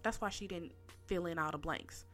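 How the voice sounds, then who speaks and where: A woman hosts her podcast in a casual, ranting monologue. Her speech is slangy and animated, and she keeps speaking directly to her listeners, with faint music in the background. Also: lowish voice, moderate pace. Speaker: podcast host.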